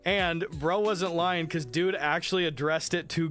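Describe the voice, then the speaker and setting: A man's voice: on the high side, unhurried, fairly bright tone, faint music behind. A man chatting casually on a live stream while sick, reading chat, thanking viewers by name and swearing freely.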